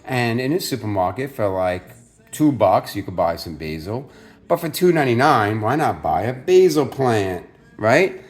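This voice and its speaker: A man's voice: medium pitch, very animated, normal speed, faint music behind. A man hosting a casual home cooking video, chatty and jokey, playfully insisting on Italian pronunciations.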